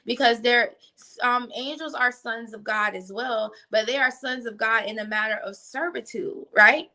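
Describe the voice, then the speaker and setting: Bright, gravelly-voiced woman preaching casually. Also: a little high. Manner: animated, with slang asides and quick restarts. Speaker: faith teacher. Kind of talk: conversational preaching.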